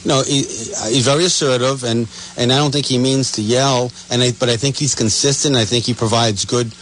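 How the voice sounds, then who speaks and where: A man co-hosting a call-in radio show, giving measured, opinionated commentary with frequent restarts. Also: medium pitch, fairly even intonation, fairly bright tone, a little hiss or hum, low-quality recording. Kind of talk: casual call-in radio talk.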